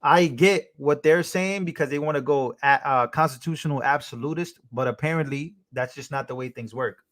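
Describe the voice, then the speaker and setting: A man's voice: fairly high pitch, normal speed, hardly any pauses, a bit bright. Chatty man hosting a live stream. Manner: chatty, reads out chat and thanks donors. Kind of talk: casual live stream commentary.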